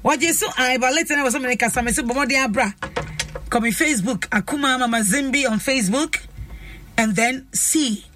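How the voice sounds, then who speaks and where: A woman's voice: high-pitched, brisk, fairly bright tone, distant mic, a little hiss or hum. A woman with a Ghanaian accent hosting a talk show, effusive and emphatic, stretching out her phrases. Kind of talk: lively talk show chat. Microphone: studio microphone.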